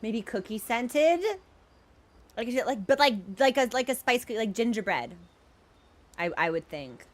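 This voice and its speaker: A woman's voice: a little high, lively intonation, moderate pace, pauses often. A young woman streaming a video game, chatting in a playful, giggly, rambling way. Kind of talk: casual gaming stream chat.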